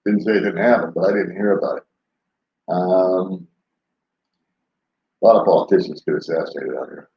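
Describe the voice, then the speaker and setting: A man's voice: deep voice, steady tone, moderate pace, pauses often. An older man chatting casually on a live stream, rambling and laid-back, laughing often as he answers viewers. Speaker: vlogger answering live chat. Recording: roomy, dull lo-fi sound.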